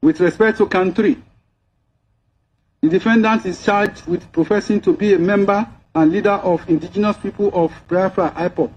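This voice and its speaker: A man, a judge reading a formal court judgment in a measured way. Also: high voice, a little mellow. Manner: measured, formal, legal wording. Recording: dull lo-fi recording.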